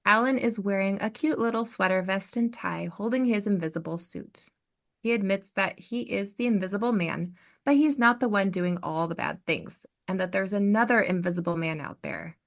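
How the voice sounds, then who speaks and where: A woman hosting a podcast, recapping a TV episode as an animated storyteller. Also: medium pitch, normal speed. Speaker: podcast host.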